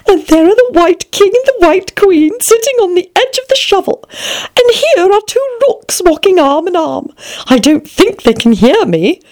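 A woman voicing a curious young girl in a storybook reading, speaking in a hushed, wondering way. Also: very high voice, very animated, fairly quick, pitched above the performer's own voice. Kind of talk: storybook read-aloud.

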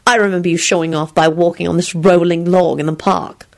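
A woman's voice: fairly low pitch, fairly even intonation, a little fast, gravelly. A woman doing a shy, prim young woman.

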